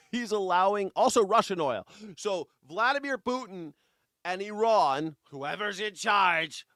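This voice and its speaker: A man's voice: high-pitched, expressive, slow, no echo, clean studio sound. Profane mocking male news-reaction host. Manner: profane and mocking, drops into a soft taunting croon. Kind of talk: live political commentary.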